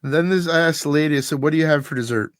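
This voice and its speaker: A man hosting a podcast in casual chat, telling an animated story and laughing often. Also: on the high side, very fast, clean tone, no echo, studio quality. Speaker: podcast host.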